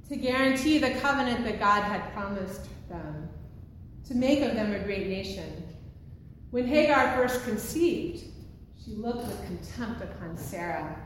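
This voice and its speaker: A woman's voice: mid-range voice, slight background noise. A woman preaching a sermon from the pulpit in an earnest, emphatic way. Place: church sanctuary. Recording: echoey hall, heard from a distance.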